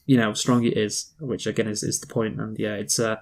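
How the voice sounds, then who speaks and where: A man's voice: lowish voice, level tone, a little fast. Rambling male film podcast co-host. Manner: rambling, many restarts and fillers. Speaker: podcast co-host reviewing films. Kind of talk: casual chat.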